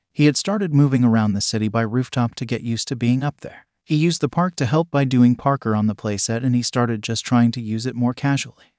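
A man's voice: mid-range voice, a little mellow, dry recording, clean studio sound. A man narrating a fan-fiction story aloud in a literal, plain reading manner.

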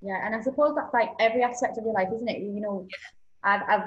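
A woman hosting a casual interview, reflecting on what her guest said and agreeing in quick remarks. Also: medium pitch, lo-fi sound. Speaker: host.

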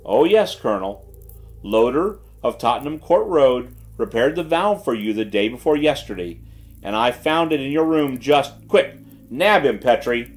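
A man voicing a shrewd gentleman detective who speaks quietly and with calm assurance. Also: mid-range voice, close to an everyday voice. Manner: quiet, measured, self-assured.

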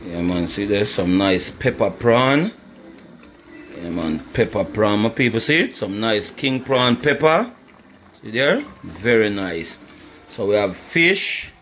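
A man's voice: lowish voice, expressive, takes it slowly, fairly bright tone, faint music behind, poor audio. A man demonstrating home cooking, chatting to his viewers and calling them "my people" throughout. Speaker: cooking vlogger. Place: home kitchen.

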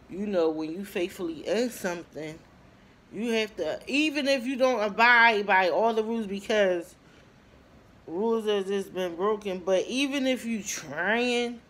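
Young woman, twenties, slow unhurried pace, casual vlog chat, fillers and pauses, animated storytelling. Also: mid-range voice. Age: 20s. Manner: chatty, animated storytelling, addresses viewers as y'all; frequent fillers and trailing pauses. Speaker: vlogger. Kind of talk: casual talk to camera.

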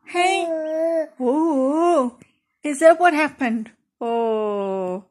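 A woman speaks in very high, doting baby talk to a small child. She draws her words out slowly and coaxes in a sing-song way. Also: a little mellow. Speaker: caregiver talking to a baby.

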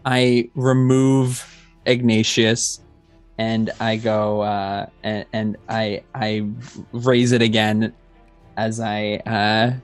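A man playing a tabletop game, describing his character's moves in a hesitant, halting way with repeated words. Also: on the low side, level tone, smooth, faint music behind. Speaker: player. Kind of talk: tabletop role-play.

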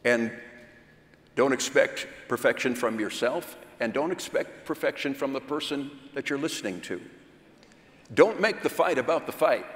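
A man giving a seminar talk at a church conference, speaking slowly and with self-deprecating humor. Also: mid-range voice, a bit bright. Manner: slow, unhurried delivery; self-deprecating, chuckles between points. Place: large hall at a church conference. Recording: echoey hall with long reverb.

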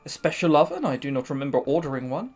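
A man's voice: on the high side, big pitch swings, fast, darkish tone, soft background music, pitched below the performer's own voice. Man reading as a puzzled young pizzeria owner. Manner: puzzled, questioning.

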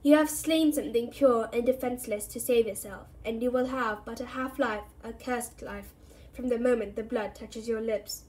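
A woman's voice: on the high side, fairly even intonation, normal speed, darkish tone, close to an everyday voice. A woman doing a grave young centaur. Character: young calm wise male centaur, grave and kind.

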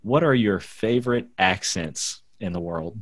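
A man with a deep voice hosts a casual podcast, joking and playful and quick to laugh. The sound is close and dry. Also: lively intonation, no echo. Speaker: podcast host.

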